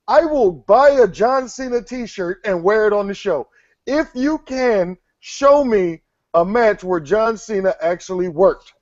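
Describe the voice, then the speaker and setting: A man's voice: sits high, no echo. A man hosting his own interview show, blunt, teasing and profane with his guest. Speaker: show host. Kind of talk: casual interview chat. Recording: dry, muffled lo-fi audio.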